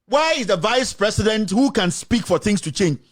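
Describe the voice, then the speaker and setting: A man with a Ghanaian accent and a high-pitched voice, ranting about politics with real heat. He hammers point after point with rhetorical questions and slides between English and his home language as he talks. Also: expressive, moderate pace. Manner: fiery, rhetorical questions, code-switching. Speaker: political commentator. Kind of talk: impassioned political rant.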